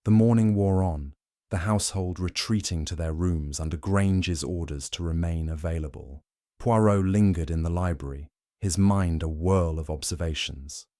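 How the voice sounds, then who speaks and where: A man narrating a mystery audiobook in a measured, dramatic way. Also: deep voice, mellow, dry recording, clean studio sound.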